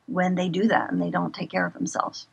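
Gravelly-voiced middle-aged woman, expressive. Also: lowish voice, fairly quick, dry recording, muffled recording. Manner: animated, expressive storyteller. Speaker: guest. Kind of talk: casual interview chat.

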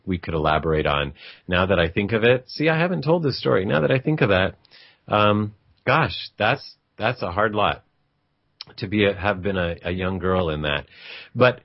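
A middle-aged man with a lowish voice tells a story from his childhood in an unhurried, reflective way, pausing and restarting as he goes and voicing his relatives. The sound is dry, with a slightly dull tone. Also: no echo. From grew up in an Italian family. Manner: conversational, with restarts and quoted family voices. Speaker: storyteller sharing a personal story.

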